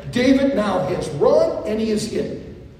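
A man preaching a sermon to college students, telling a story in an animated way and repeating his phrases, recorded in a large echoey hall from far off. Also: sits high, unhurried.

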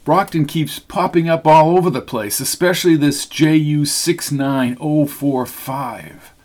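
A man's voice: a little high, a little slow, a little mellow, voice pushed up. A man voicing an earnest, determined woman investigator who talks directly.

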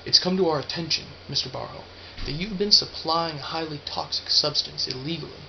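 A man's voice: on the high side, fairly quick, gravelly. A man doing a stern, bullying corporate suit. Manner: stern, no-nonsense. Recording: dull lo-fi with faint hiss.

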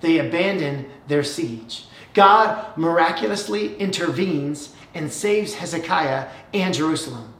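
A preacher telling a story in an animated way, going from hushed to loud. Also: medium pitch, a little slow, roomy sound, far from the mic. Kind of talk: sermon.

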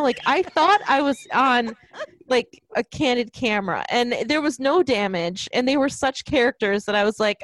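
A woman with a slightly high voice chats casually as a podcast co-host, wandering through long stories and breaking into giggles. The sound is dry and close, with no room around it. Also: animated, a little fast, dry recording. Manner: rambling storyteller, giggly. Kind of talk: casual chat.

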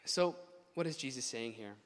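A man preaching a sermon in a church hall, animated and emphatic, with frequent restarts. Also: mid-range voice, moderate pace. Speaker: pastor.

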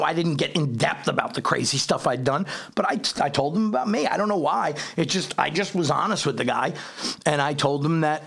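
Man, high-pitched, gravelly, casual storyteller, animated and emphatic. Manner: animated, acts out dialogue, emphatic. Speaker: company chief executive, podcast guest.

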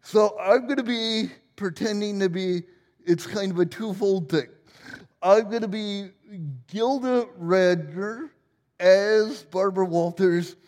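High-voiced pastor in his forties, unhurried. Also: a little mellow, in a large hall. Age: 40s. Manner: playful, self-deprecating humor. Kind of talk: sermon.

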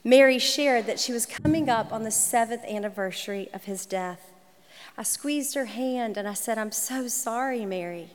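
Slow, gentle woman telling a story. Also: medium pitch. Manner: gentle, measured and reflective. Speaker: minister and writer. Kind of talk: personal storytelling reading. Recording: long hall reverb.

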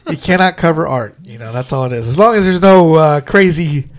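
A man co-hosting a podcast, chatting casually about movies, laughing often and swearing, with many drawn-out fillers. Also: a little high, expressive. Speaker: podcast co-host.

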